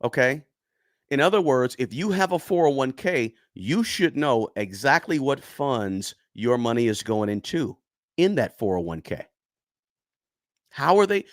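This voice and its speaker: A man's voice: mid-range voice, big pitch swings, measured pace, no room sound, clean studio sound. A man giving personal finance advice to camera in a casual, emphatic way, repeating words for stress and often checking in with "right?".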